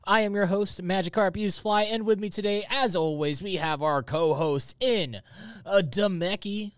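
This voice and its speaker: Upbeat high-voiced male podcast host. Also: moderate pace, clean tone, no room sound, clean studio sound. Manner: upbeat, hype-style introductions with teasing banter. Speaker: show host. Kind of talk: casual podcast chat.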